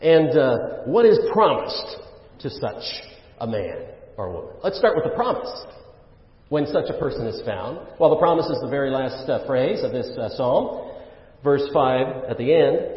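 A man's voice: a little high, big pitch swings, moderate pace. A male pastor preaching in an easy, chatty way, full of asides and little fillers, then rising and pressing hard on his key points. His voice carries a long hall echo, and the recording sounds muffled and lo-fi. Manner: conversational preaching with fillers and asides, swelling for emphasis. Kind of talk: sermon. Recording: roomy hall reverb, dull lo-fi sound.

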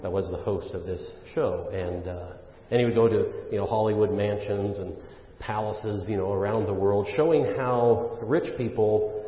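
Pastor preaching in an echoey hall. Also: male voice, lowish voice, normal speed, a little hiss or hum. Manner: conversational preaching with fillers and asides, swelling for emphasis. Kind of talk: sermon. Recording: roomy hall reverb, dull lo-fi sound.

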